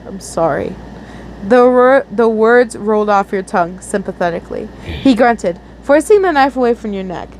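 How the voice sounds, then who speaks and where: A woman's voice: mid-range voice, lively intonation, normal speed, darkish tone, slight background noise, low-quality recording. A young woman earnestly reading a romantic fan story aloud, often stumbling and restarting words. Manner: earnest, with frequent slips and restarts. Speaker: fanfiction reader.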